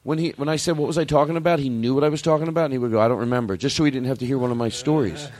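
A man's voice: mid-range voice, racing. A middle-aged man hosting a comedy podcast, telling rambling stories and interrupting himself. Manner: rambling, animated, self-interrupting. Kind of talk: casual comedic storytelling.

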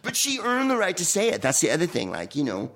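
A man comedian in casual conversation, telling profane, animated stories. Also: fairly high pitch, fast talker. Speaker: comedian guest. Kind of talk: casual chat.

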